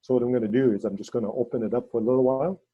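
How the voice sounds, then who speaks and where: A man leading a ceremony, telling stories in a halting way with many fillers and restarts, over a video call. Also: steady tone, husky, no echo, narrow, tinny audio. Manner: halting, with many fillers and restarts, voices quoted people in a higher pitch. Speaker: ceremony leader and storyteller. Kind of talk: storytelling talk on a video call.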